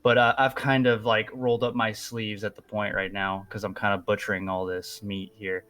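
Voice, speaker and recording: A man's voice: lowish voice, level tone, moderate pace, fairly bright tone. A man in a tabletop game describing his character in a rambling, easygoing way. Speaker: player. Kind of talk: casual chat.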